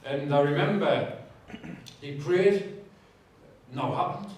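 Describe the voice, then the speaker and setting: A man's voice: on the high side, moderate pace, slight background noise. Man telling his story in an echoey church hall. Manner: candid, conversational storytelling with humour. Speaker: guest speaker giving testimony. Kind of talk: personal testimony in a church. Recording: very echoey hall, distant mic.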